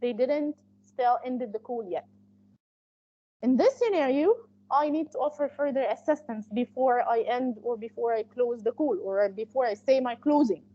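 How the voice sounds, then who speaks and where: A woman's voice: a little high, lively intonation, normal speed, mellow, highs cut off. A woman teaching an interpreting class in a loose, spoken lecture style, with many fillers and restarts. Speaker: interpreting instructor. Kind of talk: live online training lecture.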